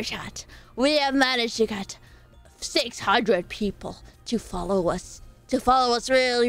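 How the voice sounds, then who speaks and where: A woman's voice: sits high, a bit bright. A young woman streaming live, chatting playfully and rambling as she reads her chat aloud.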